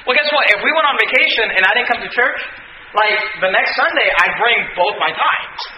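Man preaching, very high voice, emphatic, echoey church room. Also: animated, brisk, lo-fi sound, background noise. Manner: emphatic, rising to near-shouts when stressing points. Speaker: pastor. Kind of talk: verse-by-verse sermon.

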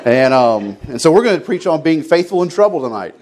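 A middle-aged pastor telling a personal story from the pulpit before reading scripture, acting out the voices in it. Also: male voice, on the high side, fairly quick. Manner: storytelling with animated quoted voices. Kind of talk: sermon.

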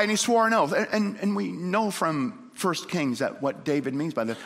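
A man preaching a sermon, telling a story dramatically and swinging from loud to hushed. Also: high voice, animated, moderate pace. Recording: long hall reverb.

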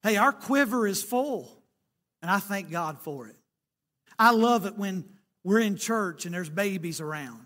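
A man in his forties preaching with a folksy, storytelling delivery. His voice sits very high for a man and rings bright and forceful, rising and falling as he drives each point home. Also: lively intonation, measured pace. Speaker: pastor. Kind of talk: sermon.

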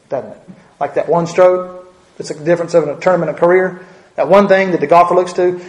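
A man's voice: on the high side, a little mellow. Earnest man preaching in an echoey church. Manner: earnest, repetitive emphasis with folksy asides. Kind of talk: sermon. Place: church sanctuary. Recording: roomy church reverb.

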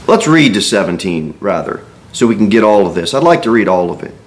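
A man's voice: fairly low pitch, fairly quick, a little hiss or hum. A man preaching an expository sermon in a church, reading scripture aloud and acting out the speakers he quotes. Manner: animated preaching, reads scripture aloud and acts out quoted speech. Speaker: pastor. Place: church sanctuary.

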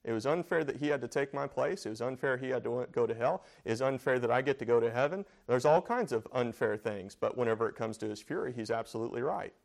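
A man teaches a church Bible study in an earnest, conversational manner. He circles back on his phrases and keeps putting questions to the room. His voice sits at an ordinary middle pitch. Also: fast, gravelly, few pauses.

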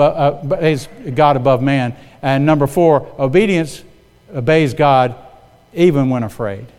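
Middle-aged male pastor, fairly high voice, storytelling sermon delivery with call-and-response, long church reverb. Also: darkish tone. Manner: storytelling preacher, asks the congregation for amens. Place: church sanctuary.

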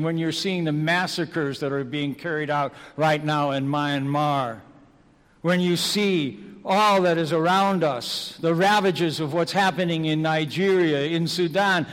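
A man preaching an evening sermon, slow and dramatic, moving between hushed and loud passages. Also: a little high. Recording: long reverb of a large hall.

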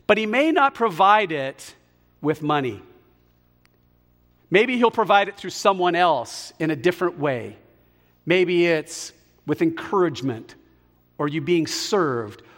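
A man preaching a sermon, emphatic and slowing down on key words, in a large hall. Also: fairly high pitch, a bit bright. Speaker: pastor.

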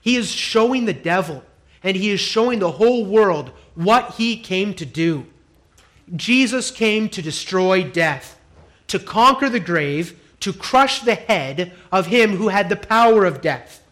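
A male pastor preaching a sermon, emphatic and repetitive, dropping to a hush and rising to loud declarations. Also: sits high, animated, a little slow. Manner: emphatic, swings from hushed to loud; repeats phrases for emphasis.

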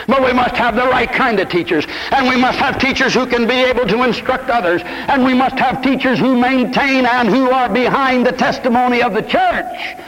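A man's voice: fairly bright tone, long reverb tail, slight background noise, low-quality recording. An older man preaching an impassioned sermon from the pulpit, recorded as an old radio broadcast. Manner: impassioned preaching, rising to high exclamations. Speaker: pastor. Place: church.

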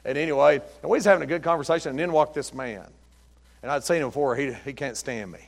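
A middle-aged preacher with a slightly high, gravelly voice. He tells folksy, joking stories from the pulpit and keeps the sermon light and lively. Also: quick pace. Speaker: pastor.

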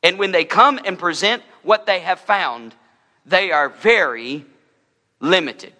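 A man's voice: high voice, lively intonation, takes it slowly, pushed and bright, in a large hall. A man preaching a sermon as a pastor, in a conversational style with humorous asides.

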